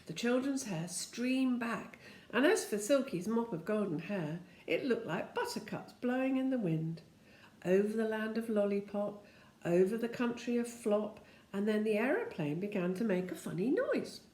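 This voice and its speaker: An older woman reads a children's book aloud in a homely way, dropping in little chatty comments between passages. Her voice sits at an ordinary middle pitch. The room gives it a clear echo. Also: animated, normal speed, a little mellow. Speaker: storyteller. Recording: echoey room.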